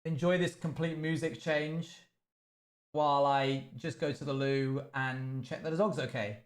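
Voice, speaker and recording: A man's voice: on the high side, steady tone, measured pace. Rambling British streamer man. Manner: rambling, self-mocking. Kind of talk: live-stream gaming chat.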